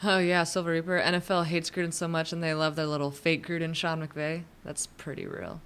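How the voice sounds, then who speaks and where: A woman co-hosts a casual livestream and reads the chat aloud in a quiet, teasing voice, laughing often. Her voice sits a little low for a woman. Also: little pitch movement, fairly quick, smooth. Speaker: co-host reading chat.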